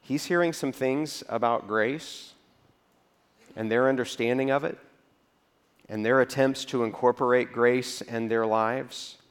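A man preaching a sermon as a pastor, telling stories in a conversational way and dropping to a low voice to act out reactions. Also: fairly even intonation, a little slow, smooth.

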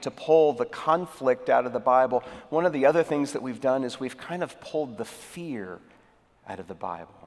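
Storytelling male pastor in a reverberant church. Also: mid-range voice. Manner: storytelling, conversational, emphatic. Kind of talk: sermon.

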